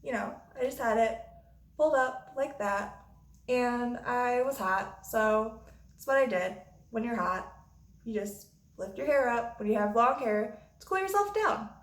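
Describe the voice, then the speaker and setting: A woman's voice: fairly high pitch, unhurried. A woman vlogger telling a story in a blunt, profane way. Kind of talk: storytime vlog. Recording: roomy echo.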